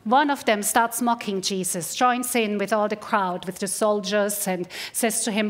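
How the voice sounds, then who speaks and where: A woman pastor preaching a sermon in church, earnest, slowing down to stress key words. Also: medium pitch, steady tone. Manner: earnest, slows down for emphasis. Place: church service.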